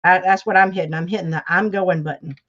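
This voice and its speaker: A woman's voice: fairly low pitch, fairly even intonation, fast talker, fairly bright tone, muffled recording. A woman chatting casually on a livestream, gushing about her crafts and reading the chat aloud. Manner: chatty, gushing, says y'all often, reads chat aloud. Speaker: YouTube crafter hosting a livestream.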